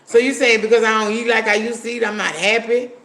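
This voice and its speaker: A man's voice: high voice, little pitch movement, fast, background noise. A man chatting casually on a livestream, blunt and profane, reading viewer comments aloud. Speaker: livestream host.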